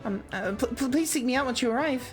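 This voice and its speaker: A man's voice: extremely high pitch, fast, faint music behind, voice pushed up. A man voicing a timid, stammering young woman tactician, reading game dialogue with many hesitant ums. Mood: nervous.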